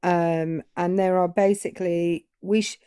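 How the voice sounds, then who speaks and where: A woman co-hosting a live stream talks in a mellow, warm, lowish voice. She is chatty and tells stories easily. The sound is dry and close to the mic. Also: fairly even intonation, a little slow, smooth, dry recording. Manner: chatty, storytelling. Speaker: stream co-host. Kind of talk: casual live stream chat.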